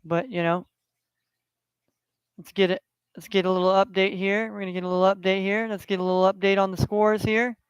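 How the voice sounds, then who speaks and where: Man, middle-aged, sports stream host, high voice, dry close sound, profane and repetitive. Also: little pitch movement, brisk, long pauses, smooth, no room sound, dull audio. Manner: profane, blunt and repetitive, heated when passionate. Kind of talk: solo livestream rant and score updates.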